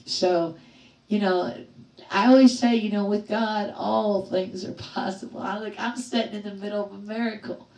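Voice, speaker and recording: A middle-aged woman hosting a livestream, telling a story to her chat in a lively way, acting out the voices she quotes and laughing often. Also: mid-range voice, normal speed, echoey room, distant mic, rough recording. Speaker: livestream host. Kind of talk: casual storytelling to live chat.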